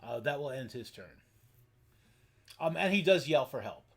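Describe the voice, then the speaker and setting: A man serves as game master for an online tabletop session. He talks his way through the rules with plenty of ums and restarts. His pitch rises and falls in a lively, sing-song way. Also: vocal fry. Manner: rambling, halting explanations full of fillers.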